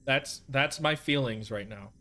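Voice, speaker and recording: At medium pitch and a slightly slow pace, this man's voice comes across pushed and bright. He's casually commenting on a game stream, frustrated and muttering to himself to settle down between bursts.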